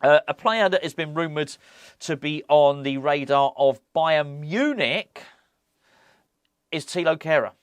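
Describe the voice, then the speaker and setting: A man's voice: fairly high pitch, measured pace, clear, resonant tone, no room sound. Chatty man hosting a football fan channel. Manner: chatty, enthusiastic, many restarts. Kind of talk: casual commentary.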